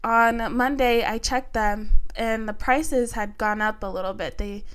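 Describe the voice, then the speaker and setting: A young woman hosting a podcast, chatting casually with lots of fillers and excited, emotional gratitude. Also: a little high, unhurried, clean tone. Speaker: podcast host. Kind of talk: casual chat.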